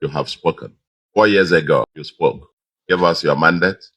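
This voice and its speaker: A man's voice: deep voice, moderate pace, fairly bright tone. A man with a Nigerian accent giving a victory speech as a re-elected governor, emphatic and repeating his key phrases.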